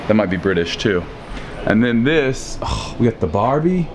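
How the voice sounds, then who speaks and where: A man's voice: on the low side, sing-song, normal speed. A man giving a casual, rambling vlog tour of a house, talking into a handheld camera in a slangy, laid-back way. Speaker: fitness vlogger. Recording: echoey room, faint background noise.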